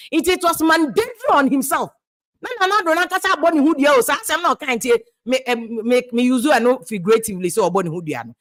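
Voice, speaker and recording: Ghanaian woman ranting about politics, high voice, mixes english and twi, repeats herself for punch. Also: fairly bright tone. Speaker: political commentator. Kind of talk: opinionated political commentary.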